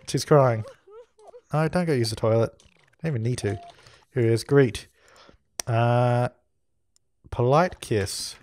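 A man's voice: medium pitch, slow pace, pauses often, a little mellow. A man hosting a let's play, chatting casually and giving orders to the characters on screen as he plays. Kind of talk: casual gameplay commentary.

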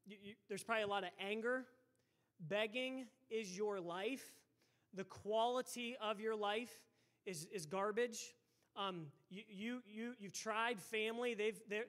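Man preaching a sermon, very high voice, bright tone, loud and emphatic, microphone in a church. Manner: loud, emphatic preaching with repeated words and sudden shouts. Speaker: pastor. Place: church sanctuary. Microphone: handheld or stage microphone.

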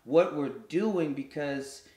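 A man's voice: on the high side, takes it slowly, mellow, roomy sound. A man co-hosting a podcast with his wife, speaking in an easygoing, reflective way about raising kids. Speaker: podcast co-host. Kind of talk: casual parenting chat.

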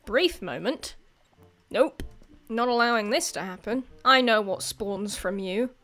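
A woman giving casual gameplay commentary as a YouTuber, chatty and excitable, laughing often and talking to the creatures on screen. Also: fairly high pitch, measured pace, faint music behind. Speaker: gaming YouTuber.

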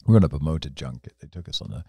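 A middle-aged English man with a low, mellow voice spins an anecdote in excited bursts. He speaks into a close mic in a dry, dead room. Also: racing, breathy edge, dry recording. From England. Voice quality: animated, tells stories in rising bursts. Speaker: podcast guest, storyteller. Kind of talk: casual anecdotal storytelling.

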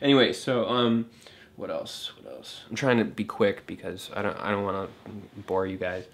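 A man's voice: lowish voice, vocal fry, a bit bright. A man ranting casually about films, swearing a lot and mocking what he dislikes, with many fillers and restarts. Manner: profane, fast, scornful, many fillers and restarts; mocks characters in a raised voice. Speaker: film vlogger. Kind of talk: casual rant to camera.

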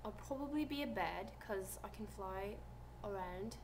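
A seventeen-year-old girl from the United States chats casually on her vlog. She rambles softly, her voice trailing quietly at the ends of thoughts. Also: medium pitch, unhurried, noisy background. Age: teens. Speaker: vlogger.

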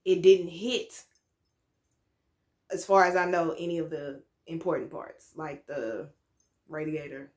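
A young woman telling a frank, candid story in a casual vlog, swearing freely and laughing now and then. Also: low voice. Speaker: vlogger. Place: home room with lights.

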